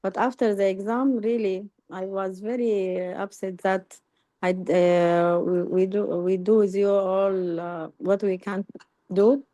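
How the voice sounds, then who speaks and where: A woman student on a video call, speaking haltingly with many fillers. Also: medium pitch, little pitch movement, mellow, no echo.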